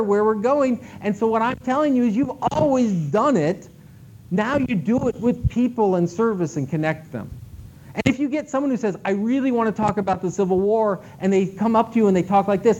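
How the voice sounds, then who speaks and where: A man giving an animated conference talk to librarians, emphatic and swinging between loud and hushed delivery. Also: sits high. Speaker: keynote speaker at a library conference. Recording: dull lo-fi recording with faint noise.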